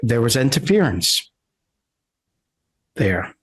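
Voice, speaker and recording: A hunched, masked man in black clothes, a nervous go-between in a tabletop adventure, as a man puts him on. He talks slowly, halting and defending himself. His voice sits mid-range. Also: medium pitch, big pitch swings, slightly rough, heavily acted, poor audio. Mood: defensive.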